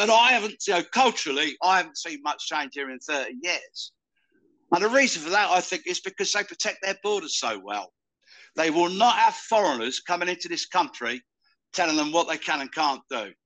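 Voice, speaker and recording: An older man from the UK, talking loudly and rambling in a casual interview. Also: fairly high pitch, poor audio. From United Kingdom. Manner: loud, rambling, calls the listener "mate". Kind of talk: casual conversation.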